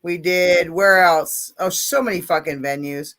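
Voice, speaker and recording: A woman hosting a casual chat, loud, profane and animated. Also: lowish voice, unhurried. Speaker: host.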